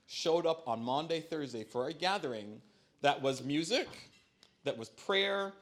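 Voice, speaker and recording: Conversational bishop, man, lightly pitched. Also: animated, normal speed, a bit bright. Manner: conversational, self-deprecating jokes, frequent ums. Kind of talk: church forum Q&A answer. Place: church hall.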